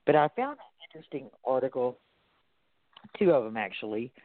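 A man's voice: mid-range voice, big pitch swings, brisk. A man with a Texas accent hosting a talk radio discussion, reading articles aloud and commenting in a casual way. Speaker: radio host. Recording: tinny phone-like line, dry.

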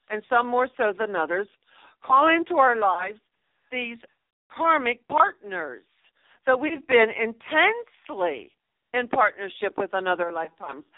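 A middle-aged woman hosts an inspirational radio show and talks slowly with a lively, somewhat high voice. She repeats her key phrases emphatically and calls her listeners her precious ones. Her voice comes through a thin, dry, phone-like line. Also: dry recording. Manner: emphatic and repetitive, addressing listeners fondly. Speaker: radio show host and numerologist. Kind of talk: inspirational radio advice talk.

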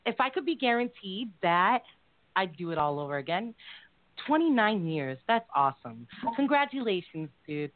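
A woman's voice: medium pitch, sing-song, moderate pace, slight background noise. Gushy lady cohost rambling with lots of ums, sounds like a phone line. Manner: gushing, rambling with many fillers. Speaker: co-host. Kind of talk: casual live call-in chat. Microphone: call-in line.

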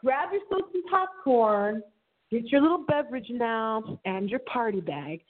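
A middle-aged woman hosting her internet radio show alone, talking in a theatrical, dramatic way with big swings in pitch. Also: expressive, unhurried. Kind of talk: solo radio show monologue. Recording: phone-line audio.

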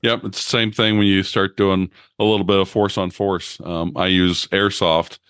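A man's voice: sits low, flat delivery, normal speed, a bit bright, clean tone, no room sound, studio quality. A man hosting a podcast, conversational and explanatory. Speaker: podcast host. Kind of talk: podcast interview.

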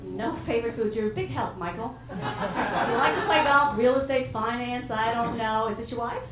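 A woman's voice: a little high, moderate pace, heavy background noise. A woman from New City, doing a stand-up comedy set with a brassy, playful manner and teasing the crowd. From New York City. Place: comedy club stage. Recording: echoey club, phone-like sound, crowd laughter. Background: audience laughing.

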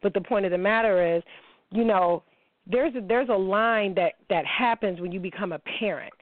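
A middle-aged woman hosting a show, telling a candid story in a blunt, animated way, full of slang and swearing. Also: medium pitch, moderate pace, no echo. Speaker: show host. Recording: tinny phone-like line.

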